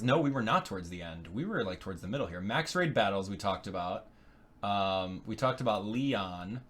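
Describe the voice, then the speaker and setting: Excitable young man reacting to a game reveal. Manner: excitable, joking, laughs often, rambles with quick asides; drops to low mumbling while clicking around. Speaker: video game reaction host. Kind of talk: casual live reaction commentary.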